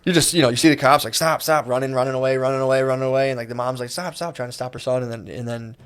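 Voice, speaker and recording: A man's voice: medium pitch, flat delivery, rapid-fire, clean tone. A man co-hosting a podcast, rambling in casual chat, swearing and acting out little quotes. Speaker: podcast co-host.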